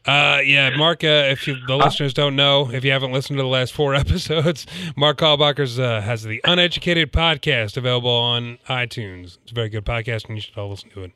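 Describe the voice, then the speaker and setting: A man co-hosting a casual talk podcast, laid-back and quick to laugh, taking a caller. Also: medium pitch, steady tone, bright, forceful tone, clean tone, no echo. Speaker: podcast co-host. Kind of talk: casual chat.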